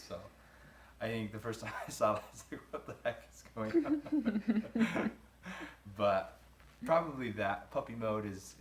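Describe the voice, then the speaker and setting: A man's voice: low voice, fairly bright tone, slight background noise. A young man, a groom-to-be, answering interview questions in a casual, rambling way, trailing off and laughing between thoughts. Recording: roomy echo.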